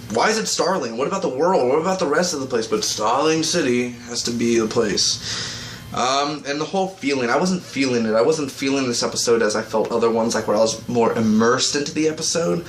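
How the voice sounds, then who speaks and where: A man giving a casual, rambling vlog review of a TV episode. He often breaks into quick mocking voices for the characters. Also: mid-range voice. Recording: echoey room with faint ambient noise.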